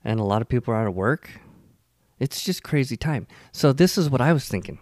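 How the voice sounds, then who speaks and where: Laid-back podcast guy, mid-pitched voice, dry close mic, chuckles a lot. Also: lively intonation, a little fast, darkish tone, no echo. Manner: easygoing, laughs at his own jokes. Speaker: podcast co-host. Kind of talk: casual chat.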